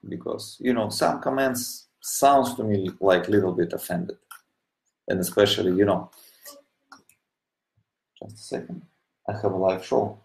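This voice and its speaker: A man with a Russian accent talks to his viewers in a live broadcast from a studio. His low voice has a gravelly edge, and the echo of the room hangs around it. He speaks earnestly and keeps his voice down. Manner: earnest, impassioned non-native English with frequent "you know"; speaking quietly so a child can sleep. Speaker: studio representative addressing viewers. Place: home studio.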